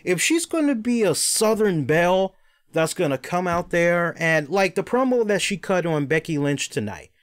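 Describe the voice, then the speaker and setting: A man hosting a wrestling review show, talking in an animated, emphatic and rhetorical way. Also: high-pitched, normal speed, clear, resonant tone. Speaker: host.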